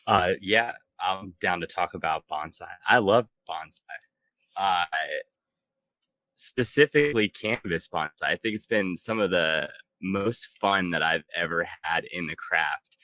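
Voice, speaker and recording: A man co-hosting a casual podcast chat, talking in a relaxed, laid-back way with many fillers. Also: low voice, a little slow, no echo, rough recording. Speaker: podcast co-host.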